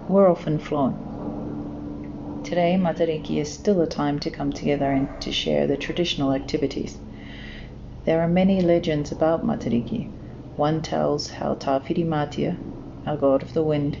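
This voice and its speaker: A woman from New Zealand narrating a children's story and explaining a festival, in a gentle, unhurried way, in a dull lo-fi recording. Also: sits low, creaky, noisy background. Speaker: storyteller, podcast host.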